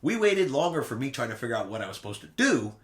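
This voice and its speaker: Animated man telling cruise stories. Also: medium pitch, fast talker, roomy sound. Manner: animated storyteller who acts out quotes dramatically. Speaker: travel vlog host. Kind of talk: casual recap chat.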